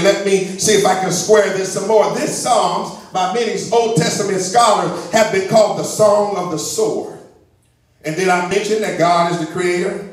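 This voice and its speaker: A man preaching a sermon as pastor, with rhythmic call-and-response phrasing that rises to shouts, in a church sanctuary. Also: sits high. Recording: echoey church hall, mic at a distance. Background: congregation responding.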